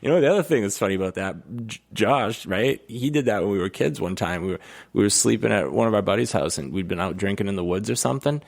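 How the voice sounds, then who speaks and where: A man's voice: fairly low pitch, fast, vocal fry. A man in his thirties co-hosting a podcast, telling profane stories in casual chat and laughing often. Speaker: podcast co-host.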